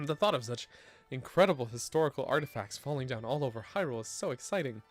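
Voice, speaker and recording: A man's voice: mid-range voice, lively intonation, fast, vocal fry, soft background music. A man voicing an eager, fussy male historian, reading game dialogue aloud in a theatrical, wordy way. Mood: excited scholarly.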